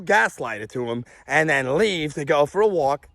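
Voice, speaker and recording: A man's voice: on the high side, moderate pace, hardly any pauses, no room sound, studio quality. A man telling an agitated personal story to camera, swearing and acting out what others said. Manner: agitated, animated, swearing, acts out others' lines. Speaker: vlogger.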